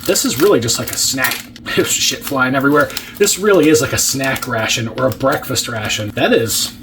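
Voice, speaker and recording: A man's voice: on the high side, background noise. A man hosting a casual food-tasting vlog, chatty and blunt, swearing freely as he unpacks and tastes ration food. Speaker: ration review host.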